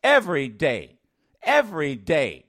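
A man's voice: fairly high pitch, huge pitch swings, unhurried, a bit bright. A man hosting a talk radio show, commenting with passion, often stammering and restarting, repeating lines for emphasis like a preacher.

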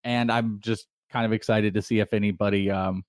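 A man co-hosting a sports talk show, laughing often and halting with fillers as he tells stories. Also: fairly low pitch, steady tone, no room sound, clean studio sound. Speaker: sports radio host. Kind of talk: casual sports talk banter.

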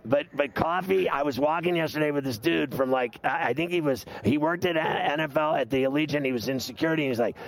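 Male sports radio host, gravelly, rambling, in-your-face storyteller. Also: mid-range voice, poor audio. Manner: loud, rapid-fire storytelling with put-on quotes.

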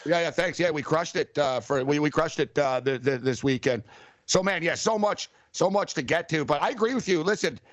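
Man co-hosting a sports talk show, excitable and animated, slightly high voice on a dry mic. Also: brisk, no room sound.

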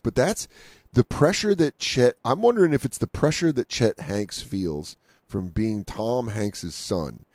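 A man's voice: medium pitch, animated, darkish tone, no room sound. A man co-hosting a comedy podcast, riffing casually with lots of swearing on a handheld studio mic. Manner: profane, riffing, quick impressions.

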